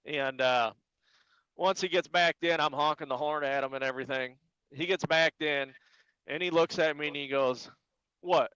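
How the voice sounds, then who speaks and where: This man is a flatbed trucker who chats on a live stream and tells animated stories, often acting out the people in them. His voice sits a little high for a man. The audio is dull and dry, like a remote call line. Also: normal speed, smooth, dry recording. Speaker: flatbed truck driver, guest. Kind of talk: casual live-stream chat.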